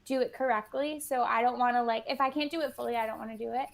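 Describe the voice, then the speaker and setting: A woman's voice: a little high, steady tone, fast, gravelly. A woman guest in casual interview chat, bubbly and full of "like", acting out what she and others said. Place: New York.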